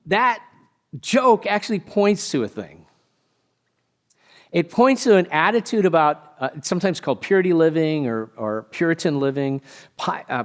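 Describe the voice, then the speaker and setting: A man, a pastor, giving a conversational sermon with casual asides and animated storytelling. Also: fairly high pitch.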